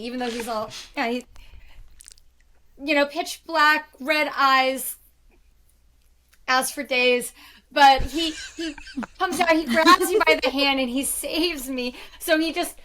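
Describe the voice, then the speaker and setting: Bright, high-voiced woman telling a story in a game. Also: slight background noise. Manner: chatty, self-amused, rambling asides. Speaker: player. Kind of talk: in-character storytelling in a tabletop game.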